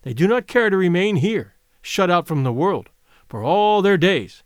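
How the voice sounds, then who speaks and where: A man's voice: sits high, very animated, moderate pace, clean tone, dry recording, studio quality. A man voicing a pleading, passionate wealthy widow in a dramatic audiobook reading. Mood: coaxing. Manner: impassioned, pleading.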